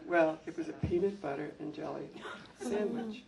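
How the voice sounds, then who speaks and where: Reminiscing at a public event, a former school administrator in his later years shares heartfelt stories and gets animated during anecdotes. He talks at normal speed with hardly any pauses, in a creaky, slightly high voice. A distant mic catches faint room noise along with crowd sounds.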